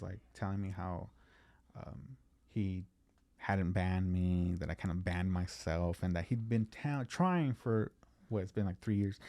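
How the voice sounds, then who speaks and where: A man's voice: sits low, darkish tone, no room sound. A man, a comedian, telling a rambling, profane story in casual podcast chat and acting out what people said.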